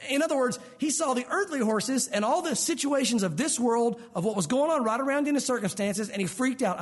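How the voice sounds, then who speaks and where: A man preaching a sermon, his voice high and a little husky. He talks in an animated way and slips into the voices of the people in the stories he tells. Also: a little fast, hardly any pauses. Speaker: pastor.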